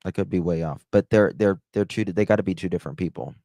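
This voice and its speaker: A man hosting a casual live stream, rambling and hesitant, warmly thanking chat. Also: low voice, fast, no echo. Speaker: livestream host.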